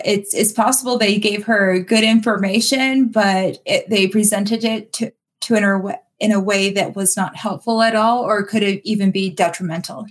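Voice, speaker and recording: A woman co-hosting a podcast, explaining her view at length in casual chat with many ums and uhs. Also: medium pitch.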